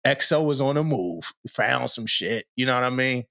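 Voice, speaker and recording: A man's voice: mid-range voice, animated, moderate pace, gravelly, sharp tone, dry recording, studio quality. A man, a podcast co-host, telling a story in a loose, slangy way, often laughing and asking "you know what I mean". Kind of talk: casual storytelling chat.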